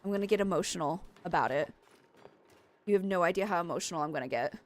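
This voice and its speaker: A young woman streaming a game, frantic and excitable, laughing at her own stress. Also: on the low side, fast talker. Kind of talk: gameplay commentary.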